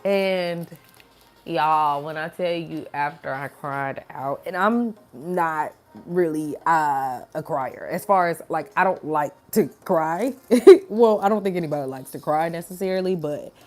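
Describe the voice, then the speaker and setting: Chatty woman with a lowish voice. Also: measured pace, a bit bright, soft background music. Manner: chatty and colloquial, addresses viewers as y'all; acts out voices in quoted dialogue. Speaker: spiritual message creator. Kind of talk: casual spiritual pep talk to viewers.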